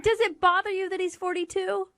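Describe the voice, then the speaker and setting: A woman co-hosting a morning radio show, animated and quick to laugh. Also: very high voice, dry recording, studio quality. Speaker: radio co-host.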